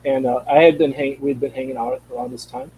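A man of middle pitch tells a personal story in a loose, conversational way, stumbling over his words and repeating himself as he goes. A faint hum sits under his voice. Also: flat delivery, quick pace, dark tone, low-quality recording. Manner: rambling, repeats words and restarts often. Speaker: guest telling a personal story.

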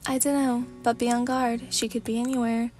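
A woman's voice: fairly high pitch, flat delivery, brisk, natural voice. A woman reading a sleepy story aloud, voicing a level-headed young demon-slaying companion who scolds and cares. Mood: dry. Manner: sensible, scolding, gently caring.

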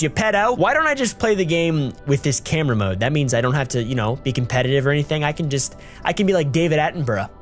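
A woman gives casual gameplay commentary on her own channel. She is excitable, jokey and swears freely, and her fairly low voice swings widely in pitch. Faint music runs under her voice. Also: fast. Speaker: gamer and channel host.

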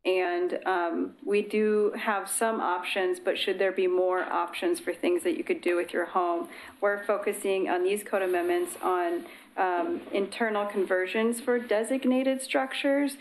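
A woman's voice: medium pitch, steady tone, echoey room, a little hiss or hum, poor audio. A woman city planner explaining code amendments at a public meeting. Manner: explanatory, brisk at times.

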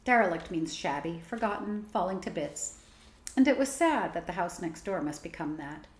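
A woman reading a children's story aloud as storyteller, expressive and varied. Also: fairly low pitch, moderate pace. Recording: roomy echo.

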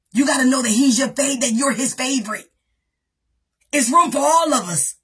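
High, bright, husky-voiced woman preaching. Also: moderate pace, long pauses. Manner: impassioned preaching, often shouting, call-and-response. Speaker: pastor. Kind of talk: sermon.

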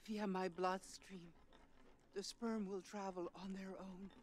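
A woman playing a breathy seductive bedbug. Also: medium pitch, steady tone, slow pace, darkish tone, slight background noise, lightly acted. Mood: teasing. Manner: breathy, teasing, half-whispered. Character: seductive female bedbug, small and eager.

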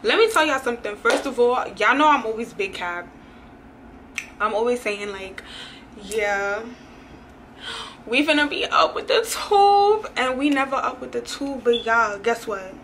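A woman's voice: on the high side, moderate pace, a bit bright, slight background noise. A young woman from New York City with a New York accent, chatting casually and playfully to her camera about slang, laughing often. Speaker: YouTuber. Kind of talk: casual vlog explaining slang. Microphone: camera, self-filmed.

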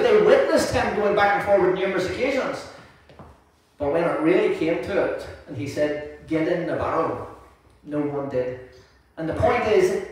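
A man preaching a sermon, praying quietly at first and then telling stories with lively humour. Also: sits high. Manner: prays softly, then preaches with lively storytelling and laughter. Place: church hall. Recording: echoey room from far off.

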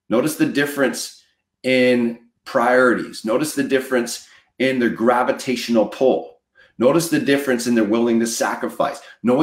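Emphatic male motivational coach, echoey room. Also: mid-range voice. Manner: emphatic, preachy, repeats for effect. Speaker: mortgage marketing coach. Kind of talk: motivational talk.

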